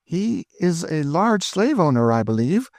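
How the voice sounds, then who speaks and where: A man's voice: fairly high pitch, lively intonation, moderate pace, darkish tone, no room sound, clean studio sound, pitched above the performer's own voice, lightly acted. An eager, emotional lady traveller, as a man puts her on. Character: grieving freed woman seeking her brother.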